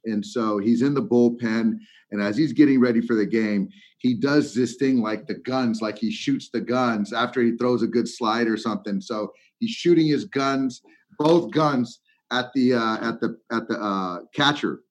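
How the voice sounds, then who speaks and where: A middle-aged man, a former ballplayer, chatting about baseball and telling an animated story with lots of fillers. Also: medium pitch, moderate pace. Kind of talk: casual sports chat. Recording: slightly muffled lo-fi audio.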